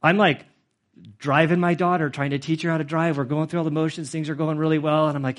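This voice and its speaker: A man's voice: medium pitch, fast. A middle-aged male pastor giving a conversational sermon, with frequent fillers, who grows emotional as he goes.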